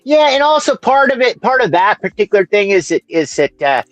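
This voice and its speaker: A man in a casual chat, speaking haltingly with many restarts and frequent swearing. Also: high-pitched, very animated, no room sound, faint music behind, low-quality recording. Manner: halting, profane, full of restarts. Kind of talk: casual conversation.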